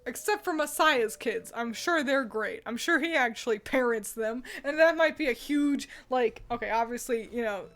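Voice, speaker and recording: A woman's voice: fairly high pitch, expressive, normal speed, few pauses, a bit bright. A woman streamer chatting casually, ranting bluntly with profanity and frequent laughter. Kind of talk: casual livestream chat.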